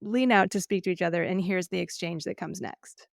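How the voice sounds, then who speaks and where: A middle-aged woman co-hosting a podcast, explaining news in an earnest, measured way. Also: fairly low pitch, vocal fry, a little hiss or hum. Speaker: podcast co-host, wine journalist. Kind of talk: casual news podcast chat.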